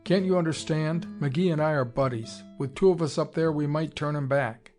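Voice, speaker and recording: A man doing hotheaded young pilot, shouting, higher and louder, faint guitar behind. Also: moderate pace, close to an everyday voice. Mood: pleading. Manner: shouting, urgent, pleading. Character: reckless young male fighter pilot, hotheaded.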